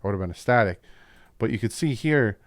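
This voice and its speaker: A man's voice: fairly low pitch, expressive, fairly quick, no echo, clean studio sound. A man hosting a casual football film breakdown, talking as an opinionated fan with frequent asides. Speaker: YouTube football film-study host.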